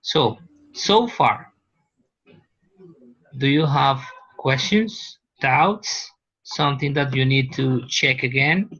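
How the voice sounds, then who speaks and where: A man's voice: medium pitch, slow, long pauses, a bit bright, slightly rough, highs cut off. A man, a teacher giving a university lecture, explaining patiently and often checking that students follow. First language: Spanish.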